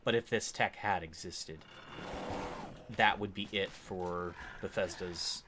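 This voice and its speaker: Low-voiced man musing through gameplay. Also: takes it slowly, noisy background. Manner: rambling, enthusiastic, musing aloud. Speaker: streamer. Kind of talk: casual gameplay commentary.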